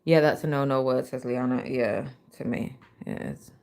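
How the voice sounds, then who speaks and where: A woman's voice: rumbling low, moderate pace, creaky, a little mellow. A tired woman hosting a live stream, chatting casually and rambling while she stitches, her voice turning scratchy. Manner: chatty, rambling, many fillers. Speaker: livestream host.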